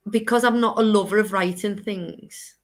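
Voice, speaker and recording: A woman's voice: medium pitch, steady tone, moderate pace. A woman co-hosting a casual chat show, talking in a chatty, rambling way and laughing often. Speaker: co-host.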